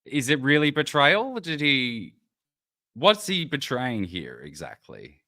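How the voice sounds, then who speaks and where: A man's voice: mid-range voice, huge pitch swings, takes it slowly, bright, forceful tone, no room sound. A man co-hosting a casual news-and-banter podcast, teasing his partner and talking with many restarts. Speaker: podcast co-host.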